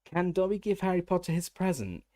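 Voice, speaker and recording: A man reading an audiobook and voicing an anxious, squeaky male house-elf servant. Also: animated, fairly quick, mellow, no room sound, clean studio sound. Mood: anxious eager. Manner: high squeaky voice, servile speech.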